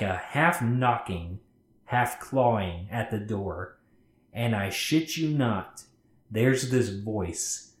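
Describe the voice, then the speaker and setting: A man co-hosting a podcast, casually reading a scary story aloud, swearing freely and stopping to comment. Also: fairly low pitch. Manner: profane, chatty, breaks off to comment. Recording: roomy echo.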